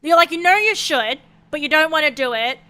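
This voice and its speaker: A woman's voice: high voice, animated, a little fast, bright, forceful tone. An Australian woman streaming a game, chatting casually, swearing freely and laughing often.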